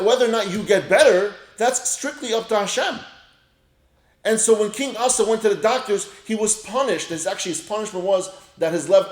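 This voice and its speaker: A man's voice: on the high side, darkish tone, reverberant. A man giving a casual Torah lesson, reading Hebrew phrases and explaining them with everyday examples. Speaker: Torah teacher.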